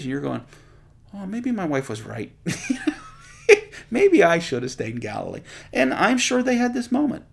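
A male preacher with a gravelly voice delivers a sermon. He reads scripture and then talks it through in a relaxed, conversational way. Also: medium pitch.

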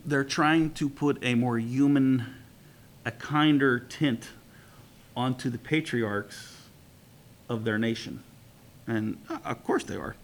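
A man's voice: mid-range voice, takes it slowly, pauses often. A man teaching a Bible class, reading a retelling aloud and adding wry conversational asides.

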